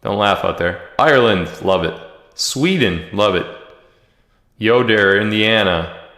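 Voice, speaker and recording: A man with a low, deep voice runs a loose, joking livestream from home, reading out viewers' comments and hometowns. His voice bounces around an echoey room with a long, lingering reverb. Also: takes it slowly. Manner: joking, reads viewer comments and shout-outs aloud. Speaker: livestream host. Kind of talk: casual livestream chat.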